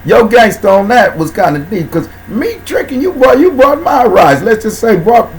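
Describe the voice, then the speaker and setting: A man hosting a casual talk show, speaking in slang and shouting out viewers by name. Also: high-pitched, very animated, moderate pace, slight background noise, poor audio. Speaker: host.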